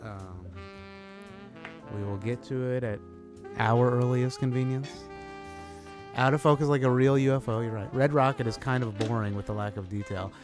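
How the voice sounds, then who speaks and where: A man's voice: medium pitch, steady tone, normal speed, pauses often, music in the background. A man co-hosting a livestream, chatting loosely and joking with viewers. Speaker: podcast co-host. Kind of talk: casual livestream chat.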